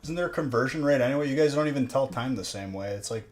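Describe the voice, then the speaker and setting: A man's voice: medium pitch, fast. A man hosting a live stream, chatting and joking with viewers in a rambling way late at night. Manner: rambling, joking banter with chat. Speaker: live-stream host opening card packs. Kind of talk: casual live-stream chat. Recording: echoey room with background noise.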